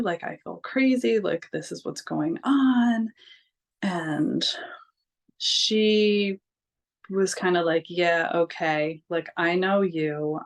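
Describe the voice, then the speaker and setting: A young adult woman telling her own story in a vlog, candid and casual, with many fillers and frank swearing. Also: on the low side. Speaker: vlogger.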